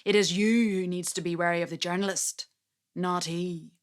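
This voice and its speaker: A woman performing a dramatic spoken-word story with slow, theatrical delivery. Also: lowish voice, fairly even intonation.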